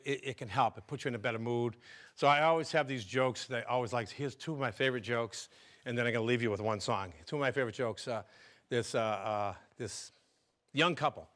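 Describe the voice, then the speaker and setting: A man's voice: medium pitch, a bit bright. An older man doing a stand-up comedy set, telling jokes in a rambling, stumbling, chatty way.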